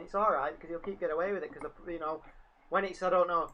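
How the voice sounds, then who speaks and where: A man's voice: fairly high pitch, fairly even intonation, fast talker, dull audio. A man hosting a live fan commentary stream, calling the match and reading out viewer chat. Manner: chatty, reads out viewer chat between play calls. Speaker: fan channel host.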